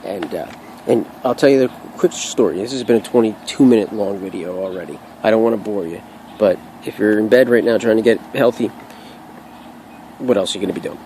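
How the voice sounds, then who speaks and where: A man's voice: lowish voice, a little fast, dark tone, a little hiss or hum, poor audio. A young man talking casually to camera at home, rambling and restarting often, swearing freely as he shares his own story. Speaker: vlogger sharing his own experience. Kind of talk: casual unscripted monologue to camera.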